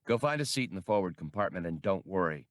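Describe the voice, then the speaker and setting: A man's voice: sits low, big pitch swings, fast, no room sound, studio quality. A man voicing a cocky male starship captain who speaks in wry, clipped orders.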